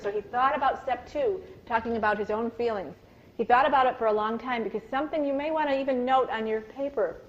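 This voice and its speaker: Animated woman speaker, lo-fi sound. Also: a little high. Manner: animated storytelling, acts out quoted voices. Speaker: parenting workshop speaker. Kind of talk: live workshop talk to an audience.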